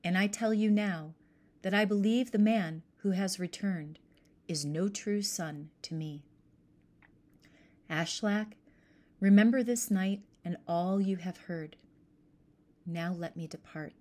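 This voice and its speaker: A woman voicing a dying old grandmother, hushed and frail. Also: mid-range voice, slow, pauses often, close to an everyday voice. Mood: solemn.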